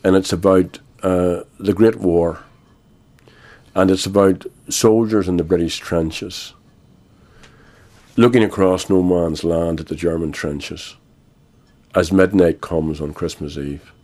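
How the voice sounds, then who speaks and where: Deep-voiced older Irish man. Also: fairly even intonation, darkish tone. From Ireland. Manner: measured, grave, with frequent pauses and fillers. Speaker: guest. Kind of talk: radio interview.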